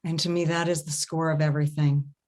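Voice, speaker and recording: A woman with a somewhat low voice talks through an online workshop on intimacy. She is animated and expressive, stretching some phrases out slowly and breaking into hums and murmurs to show what she means. Her delivery is loose and conversational, with frequent laughter. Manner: animated storytelling, laughs often. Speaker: intimacy coach and festival presenter. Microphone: home setup, online stream.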